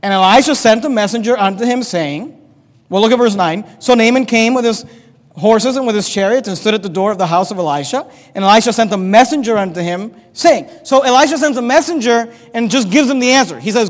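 High-voiced preaching man in echoing hall. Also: fairly quick. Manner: animated preaching, reading scripture aloud, acting out quotes. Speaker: pastor. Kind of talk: sermon. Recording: long reverb of a large hall.

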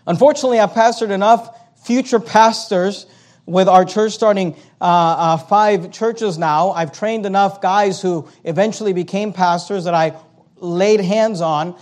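A man with a notably high voice delivers a sermon as pastor. He walks through a passage verse by verse, stopping to define key words and telling listeners to underline them. When he voices the apostle's words he grows louder and more emphatic. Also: unhurried. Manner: expository preaching, repeating key words and urging note-taking.

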